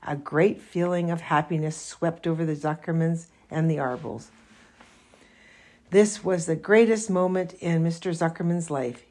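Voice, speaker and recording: Woman narrator for a children's book reading, slow and careful, lowish voice. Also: warm tone. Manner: slow, careful read-aloud. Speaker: reader. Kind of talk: reading a children's novel aloud.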